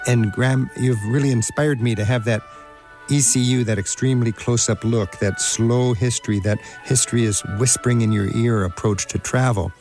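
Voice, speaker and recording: A man's voice: medium pitch, steady tone, normal speed, a little mellow, soft background music. A man hosting a travel radio show, interviewing a guest in an enthusiastic, chatty way with frequent fillers.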